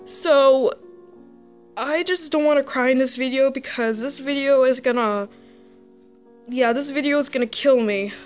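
A young female vlogger talking to camera, sighing often, halting and restarting her sentences. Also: high-pitched, smooth, faint music behind. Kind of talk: emotional vlog to camera.

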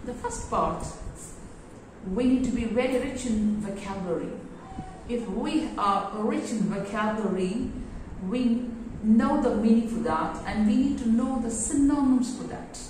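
A woman English teacher giving a lesson in a classroom, halting with many fillers. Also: fairly high pitch, animated, darkish tone, a little hiss or hum. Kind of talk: explanatory lesson. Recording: very echoey room, voice far from mic.

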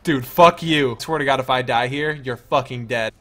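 Young guy gaming w friends, bright sharp voice, swears a lot, laughs constantly. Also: mid-range voice, moderate pace, slight background noise. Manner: laughing, swearing, trash-talking teammates. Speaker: gamer and channel host. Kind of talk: casual gaming banter.

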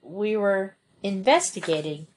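A woman's voice: mid-range voice, lively intonation, a little slow, slight background noise, close to an everyday voice. A woman reading aloud as an eager younger teenage boy who speaks in a hesitant way.

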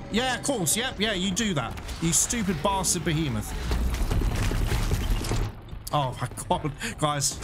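Excitable man narrating his gameplay. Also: high-pitched, measured pace, pauses often, heavy background noise. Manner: excitable, swears and shouts at enemies. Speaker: gaming channel host. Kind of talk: casual let's-play commentary. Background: loud game music.

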